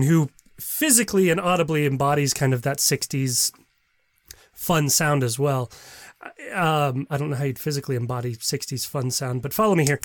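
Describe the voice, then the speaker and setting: A man co-hosting a casual music review chat, playful and quick to laugh. His voice sits fairly high, and the sound is close and dry. He jokes his way through the song picks. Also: dry recording. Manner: playful, jokey, laughs often. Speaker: music show co-host.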